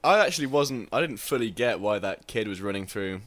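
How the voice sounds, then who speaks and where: A man's voice: lowish voice, animated, brisk, a crowd in the background. A man from England co-hosting a casual podcast chat, joking and rambling as he talks. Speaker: podcast co-host.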